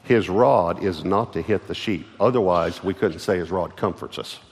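A man's voice: low-pitched, normal speed, a little mellow. A middle-aged man with a Texan accent, preaching a sermon as pastor, emphatic and often restarting his phrases. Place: large church auditorium. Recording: long hall reverb with faint music.

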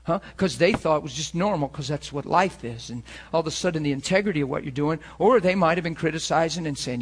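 A pastor preaching a sermon and telling personal stories in an earnest way, sometimes dropping soft and sometimes rising loud. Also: male voice, fairly high pitch, brisk, hardly any pauses, slightly rough. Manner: earnest storytelling, swings from soft confessional to loud emphatic.

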